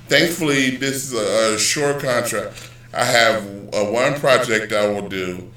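A man's voice: mid-range voice, lively intonation, normal speed, pushed and bright. A man rambling casually in a vlog, joking and correcting himself as he goes. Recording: roomy, distant, poor audio.

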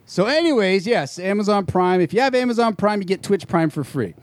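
A man's voice: high voice, lively intonation, fairly quick, no room sound. A man telling a frustrated story in casual chat, swearing freely and acting out the quoted voices of the people involved.

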